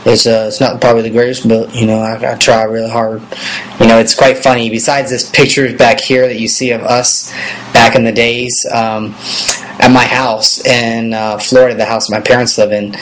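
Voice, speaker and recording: A man in his thirties talks casually as he answers fan questions, rambling and filling pauses with ums. His voice sits in an ordinary middle pitch. Faint background noise is under the talk. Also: rough recording. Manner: relaxed and rambling, many fillers. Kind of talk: casual video Q&A.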